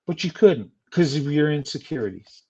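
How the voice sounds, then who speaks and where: A man's voice: fairly high pitch, expressive, moderate pace, a little mellow, breathy edge, muffled recording. An older man streaming a heated, insulting rant at a rival. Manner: angry, insulting, taunting.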